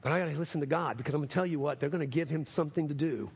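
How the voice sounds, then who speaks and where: A man preaching a sermon in a somewhat high voice. He repeats phrases for emphasis and climbs into fervent, near-shouted appeals. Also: very fast, slightly rough. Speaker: pastor.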